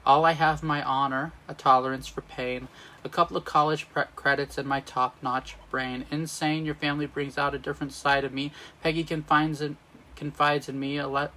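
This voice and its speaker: A man's voice: a little high, pushed and bright. A man reading the part of a poor but proud young man, speaking sung lyrics with restarts. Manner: reads sung lyrics as speech, with slips and restarts.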